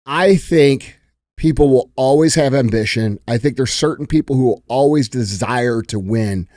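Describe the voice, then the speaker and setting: A man's voice: mid-range voice, normal speed, warm tone, no room sound, clean studio sound. A man who is a guest on a podcast, talking in a brash, casual way with lots of slang and swearing. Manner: brash and casual, says dude and bro, swears often.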